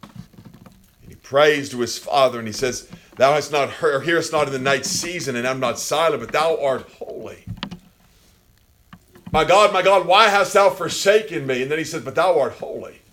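A man preaching a sermon with passion, swinging from quiet, low passages to loud, near-shouted peaks. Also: normal speed.

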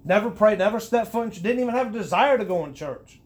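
Earnest high-voiced man telling his story. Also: fast talker. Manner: earnest storytelling with frequent restarts, animated when emphatic. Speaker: guest sharing his testimony. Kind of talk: personal testimony, conversational.

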